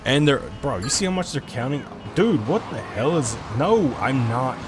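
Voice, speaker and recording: A gaming streamer talks into a desk microphone over music, giving casual commentary on his gameplay. His voice is medium-pitched and sing-song at a moderate pace, and he rambles and swears when frustrated.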